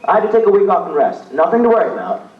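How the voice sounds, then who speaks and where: A guy doing a dad reading his letter home, folksy, higher voice, dull echoey sound from far off. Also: sing-song, racing. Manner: folksy, reassuring. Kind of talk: amateur stage play.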